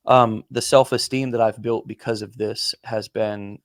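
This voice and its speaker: A man hosts a relaxed interview, circling around his questions with plenty of fillers, restarts and the odd swear word. His voice is recorded dry and close, with no room sound. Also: on the low side, unhurried, dry recording. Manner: rambling, many fillers and restarts, casual swearing. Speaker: podcast host. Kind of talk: conversational interview.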